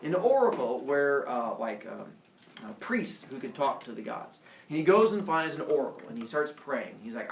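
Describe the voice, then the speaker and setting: Teacher guy telling a myth, super animated, roomy classroom sound. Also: mid-range voice, normal speed, vocal fry, slight background noise. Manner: lively, playful, with sound effects. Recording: echoey room, mic far off.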